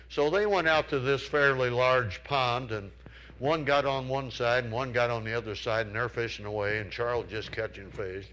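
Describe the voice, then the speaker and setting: A man's voice: mid-range voice, moderate pace, pushed and bright, low-quality recording. A man preaching a sermon, telling folksy stories, asking his listeners questions and acting out the people in his tales with raised voices. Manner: folksy storytelling, asks the congregation questions; acts out characters in raised voices.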